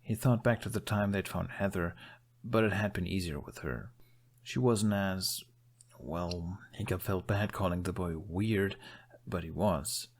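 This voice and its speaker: Male narrator for a fan audiobook, steady and measured, gravelly tone. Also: low voice.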